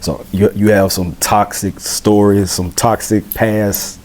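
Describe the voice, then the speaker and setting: A man hosting a podcast, asking questions in a relaxed, conversational way with short prompts. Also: lowish voice, slow pace. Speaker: podcast host. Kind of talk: casual interview.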